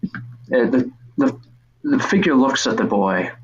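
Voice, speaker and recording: A man narrating a tabletop game as game master, animated, with frequent restarts. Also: medium pitch, a little slow, muffled recording, a little hiss or hum. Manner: animated storytelling with restarts and laughs.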